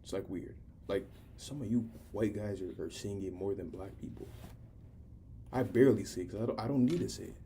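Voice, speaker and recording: A man's voice: lowish voice, brisk, dark tone, slight background noise. A teenage guy in casual chat, talking candidly and rambling with frequent restarts. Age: teens.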